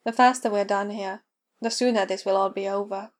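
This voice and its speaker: A woman reading the lines of a calm young woman who coaxes a friend along, in a story read aloud. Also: medium pitch, fairly quick, lightly acted. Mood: coaxing.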